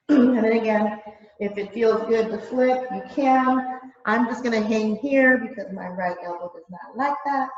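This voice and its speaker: A woman leading a yoga class, chatty and relaxed, laughing at herself and a little out of breath. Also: fairly high pitch, heavy reverb, recorded from a distance, muffled recording. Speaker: yoga instructor. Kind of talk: guided yoga class instruction. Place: yoga studio.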